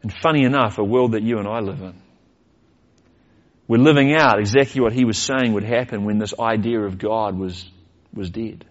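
Earnest New preacher, dull recording. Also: male voice, on the low side, moderate pace. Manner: earnest preaching full of rhetorical questions. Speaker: pastor. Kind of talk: sermon.

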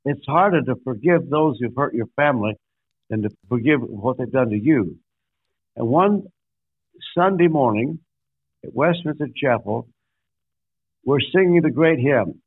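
A man's voice: mid-range voice, lively intonation, measured pace, long pauses, slightly rough. An older man, a guest pastor, telling a story in a sermon-like way, making emphatic numbered points and acting out quotes. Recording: dry, tinny phone-like line.

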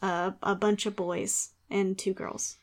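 A woman's voice: medium pitch, level tone, slow. Woman, podcast host, casual chat, giggly, playful, rambling.

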